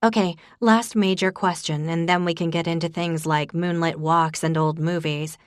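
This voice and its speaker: A woman's voice: lowish voice, steady tone, moderate pace, dry recording, clean studio sound, lightly acted. Woman narrator voicing a flustered young woman, eager and a bit nervous. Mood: brisk.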